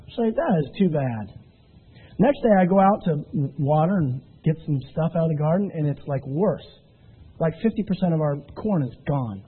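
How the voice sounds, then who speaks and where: Casting: motivational trainer, man, high-pitched and husky, animated storyteller, tinny phone-line sound. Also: normal speed. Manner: animated storytelling with emphatic rising peaks. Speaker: business trainer.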